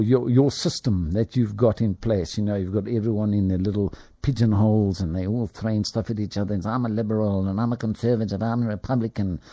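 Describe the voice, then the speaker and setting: A man hosting a business radio show, rambling and digressive, with many fillers and animated asides. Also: fairly low pitch.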